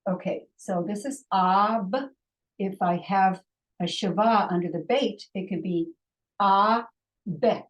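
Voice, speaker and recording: A woman's voice: mid-range voice, fairly even intonation, slow pace, rough recording. A woman teaching a language lesson, patiently sounding out syllables one at a time and repeating drills.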